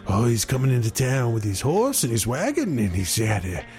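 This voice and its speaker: Gravelly man rambling through a tall tale. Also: medium pitch, very animated, moderate pace. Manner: meandering, many uh fillers. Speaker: storyteller.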